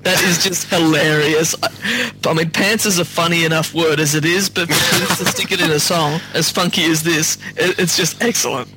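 A man's voice: on the high side, fairly even intonation, moderate pace, pushed and bright, rough recording. A man giving a casual music review, giggly and enthusiastic, often cracking up. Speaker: podcast co-host.

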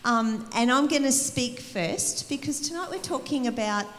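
A woman preaching an energetic sermon in a church, rallying the congregation and calling for responses. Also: high voice, moderate pace, long reverb tail. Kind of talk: sermon to a church youth service. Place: church hall.

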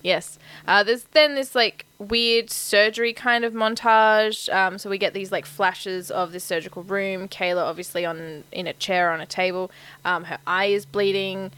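A woman co-hosting a casual film review chat, chatty and quick to agree. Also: medium pitch, steady tone, fairly bright tone, smooth, poor audio. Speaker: podcast co-host reviewing a film.

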